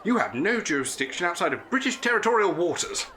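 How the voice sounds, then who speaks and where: An actor playing an eccentric, jolly English gentleman adventurer in a comic radio play, plummy and prone to chuckling. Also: high-pitched, sing-song, fast, slight background noise, heavily acted. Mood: indignant.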